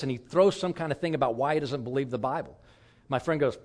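A man's voice: on the high side, lively intonation, fast talker. A middle-aged man preaching a sermon as pastor, telling stories in a candid, self-deprecating, conversational way.

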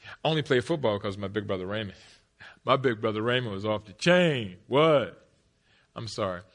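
A middle-aged man giving a speech to an audience, telling a personal story emphatically. His voice drops to a hush, then rises loud. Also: fairly low pitch, animated, fairly quick. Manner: emphatic, swings between hushed and loud. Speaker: motivational speaker.

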